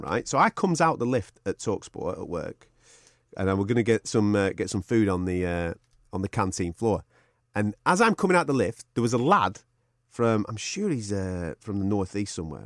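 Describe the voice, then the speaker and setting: A man's voice: lowish voice, no echo, clean studio sound. A man co-hosting a podcast, teasing and joking in casual banter. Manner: teasing, animated, jokey. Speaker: podcast co-host.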